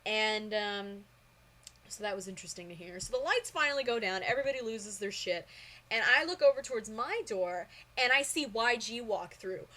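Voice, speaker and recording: A young woman chats straight to camera, telling her story in a loose, rambling way. She gushes and gets excitable, and her speech is full of fillers. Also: medium pitch, normal speed. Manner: excitable, gushing, lots of fillers. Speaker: vlogger. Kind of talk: casual storytelling vlog.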